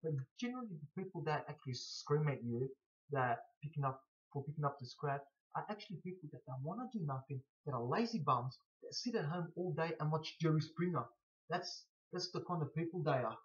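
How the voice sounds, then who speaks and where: A man with a blocked nose from hay fever, answering viewer questions in a casual, halting way with stutters and restarts. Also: a little high, expressive. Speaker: scrap collector vlogger. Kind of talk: casual to-camera Q&A. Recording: dull lo-fi recording.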